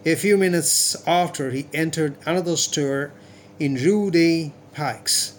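Male storybook narrator, measured and steady, fairly high voice. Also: a little hiss or hum. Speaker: audiobook narrator.

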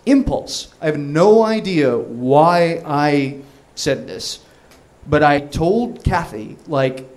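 A man in his thirties telling a long comic story, rambling and excitable, laughing through his words with many restarts. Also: a little high, slow.

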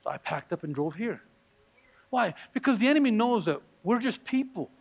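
A man pastor preaching a sermon to a congregation, animated, acting out quoted voices and firing rhetorical questions at the room. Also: sits high, moderate pace. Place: church before a congregation.

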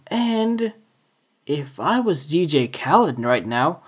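A man's voice: fairly high pitch, very animated, slow pace, slightly rough. A man hosting a casual solo podcast, rambling and joking about his week, laughing at himself often. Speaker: podcast host. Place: home room with window open.

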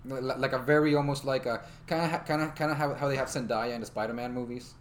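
A young man talks quickly in an easygoing podcast chat, tripping over his words as he gets excited. He swears freely, and a faint hum of room ambience sits behind him. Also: mid-range voice. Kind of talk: casual chat.

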